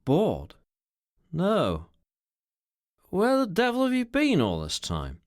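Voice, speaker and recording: A man doing a languid, sarcastic gentleman villain. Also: mid-range voice, very animated, slow pace, no room sound. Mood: irritable. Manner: indolent, muttering, dry sarcasm.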